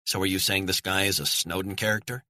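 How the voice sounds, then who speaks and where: A man's voice: sits low, steady tone, fast, sharp tone. A man voicing a busy, skeptical female journalist who speaks bluntly and doubtfully.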